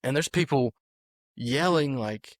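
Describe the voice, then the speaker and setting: A man's voice: mid-range voice, expressive, slow, no echo, clean studio sound. A man, a football coach hosting a podcast, telling stories in a casual, rambling way with many fillers. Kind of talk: casual storytelling chat.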